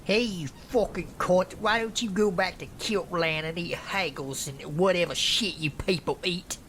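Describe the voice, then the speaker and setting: A man voicing a drunk, violent male stranger who shouts slurs and threats at a frightened young woman. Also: a little high, animated, takes it slowly, slight background noise, pitched above the performer's own voice. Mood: menacing abuse.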